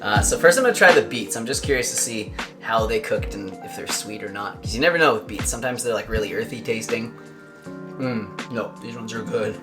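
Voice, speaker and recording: Hosting a laid-back food vlog, a man with a lowish voice talks fairly quickly to the camera while cooking and tasting, with music in the background. He's relaxed and chatty and laughs easily.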